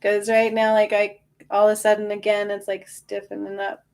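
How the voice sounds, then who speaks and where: A woman's voice: medium pitch, completely flat delivery, moderate pace, darkish tone. Tired woman chatting on a livestream. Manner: chatty, reassuring, reads and answers viewer comments. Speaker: spiritual livestream host. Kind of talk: casual livestream chat.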